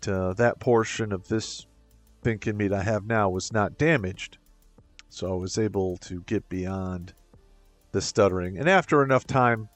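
Low-voiced middle-aged veteran, halting delivery. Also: male voice, no room sound. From Michigan, USA. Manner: halting, deliberate, occasional stammer and lost threads. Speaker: army veteran. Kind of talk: personal account to camera.

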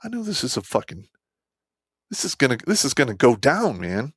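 A man's voice: moderate pace, husky, dry recording. Blunt, profane man with a dry close sound. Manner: animated, swings between loud outbursts and low asides. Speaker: army veteran telling a war story. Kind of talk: casual storytelling.

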